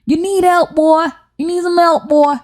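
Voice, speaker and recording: A woman putting on the voice of an exasperated mother scolding her son, in a high, drawn-out tone. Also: fairly even intonation, darkish tone.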